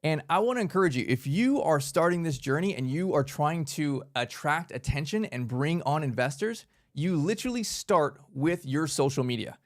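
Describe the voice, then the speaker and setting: A man hosting a motivational business workshop, talking in a casual, energetic way and often tagging lines with "man" and "right?". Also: fairly high pitch, moderate pace, few pauses. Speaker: workshop host.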